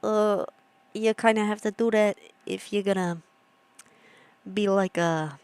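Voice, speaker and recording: A woman's voice: medium pitch, fairly even intonation, slow, a little mellow, smooth, no room sound. A young woman streamer chatting casually with her viewers, rambling and laughing at her own jokes. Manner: chatty, rambling, self-amused, talks to chat. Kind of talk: casual livestream chat.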